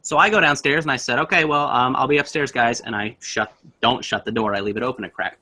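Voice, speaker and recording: Young man, bright forceful tone, animated casual ghost-story teller. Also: mid-range voice, fast. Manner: animated, acts out voices in his story.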